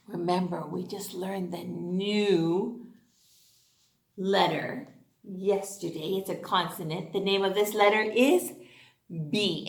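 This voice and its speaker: Her medium-pitched, creaky voice takes on a sing-song lilt as she teaches phonics online to small children, full of gasps and excited exclamations. The room she records in is echoey.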